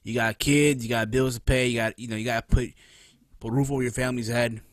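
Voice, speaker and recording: A man hosting a casual wrestling podcast, animated and profane, who keeps tossing in "right?" between points. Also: medium pitch, quick pace, no echo, clean studio sound. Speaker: podcast host.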